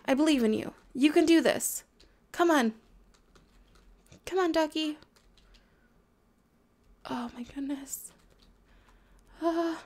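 A young woman casually commentating her own video game play, playful and excitable, chatting to the animals on screen. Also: high-pitched, takes it slowly, pauses often. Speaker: gameplay commentator.

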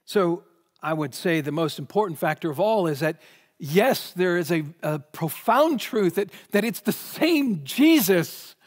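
A man delivers a sermon in a church sanctuary with a high, emphatic voice. He stresses his points and repeats words as he pushes an argument. The sound carries a long hall reverb. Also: expressive, normal speed. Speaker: pastor.

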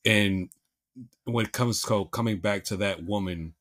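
A male podcast host with a Philadelphia accent chats casually, often restarting sentences with repeated words. His voice is fairly low and fairly bright, at a measured pace.

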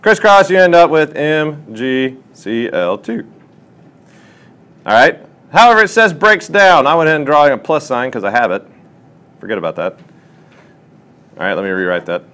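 A chemistry tutor with a smooth voice on the high side teaches a class at a moderate pace, pausing often. He works through problems in the classroom with lively teacher talk, frequently asking his students questions.

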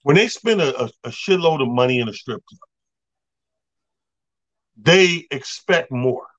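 A man's voice: mid-range voice, expressive, measured pace, a bit bright, no echo, muffled recording. A man telling a comic story in casual chat, acting out the people in it and laughing as he goes. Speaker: podcast co-host.

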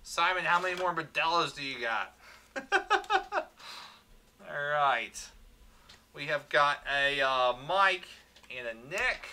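A man's voice: fairly high pitch, very animated, slow, pauses often, pushed and bright. A man hosting a livestreamed card box break, upbeat, rattling off player names and chatting with viewers.

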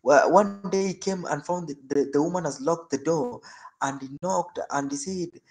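A male preacher giving a sermon. He tells stories in an animated way and circles back on phrases for emphasis. His voice sits slightly higher than most men's. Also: normal speed. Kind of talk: sermon with storytelling.

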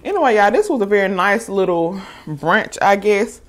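Female mukbang vlogger, chatty storytime delivery, lively quoting. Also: medium pitch, moderate pace. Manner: chatty and animated, quoting others in raised voice. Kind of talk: casual storytime to viewers.

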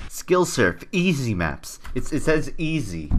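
Lively sarcastic young man, game commentary. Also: medium pitch, takes it slowly, few pauses. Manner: sarcastic, jokey asides. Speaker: gaming video host. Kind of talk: gameplay commentary.

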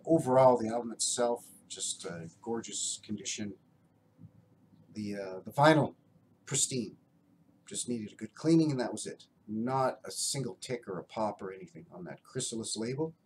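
A man's voice: medium pitch, lively intonation, normal speed, darkish tone, a little hiss or hum. A man who collects records, casually and enthusiastically showing off his finds in a rambling way. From Canada. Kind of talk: casual show-and-tell.

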